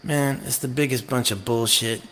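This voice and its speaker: A man's voice: medium pitch, steady tone, normal speed, a bit bright. Rambling, jokey man between songs. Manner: rambling, jokey and irreverent, with mild swearing. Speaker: singer-songwriter and live-stream host. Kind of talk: casual chat between songs on a live stream.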